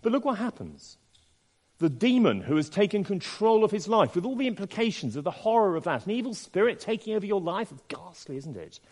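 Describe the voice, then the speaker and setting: A man preaching a sermon in an expressive way, asking the listeners many rhetorical questions. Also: high voice, brisk. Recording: long reverb in a large hall.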